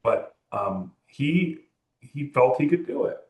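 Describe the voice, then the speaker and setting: A man's voice: medium pitch, lively intonation, slow pace. A music photographer from California, a man, chatting as an interview guest and rambling through anecdotes with quoted dialogue. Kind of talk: relaxed interview storytelling. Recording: roomy echo.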